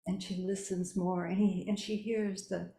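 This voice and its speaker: A woman telling a folk tale live, slow and deliberate with long pauses. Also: medium pitch, little pitch movement, vocal fry, warm tone. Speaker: storyteller. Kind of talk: live oral storytelling. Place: storytelling event indoors.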